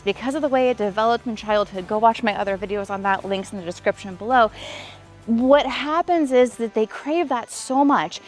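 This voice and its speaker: Woman, relationship coach, personal vlog, animated storytelling, acts out quotes, fairly high voice, faint background music. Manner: animated, acts out quoted exchanges, emphatic lists.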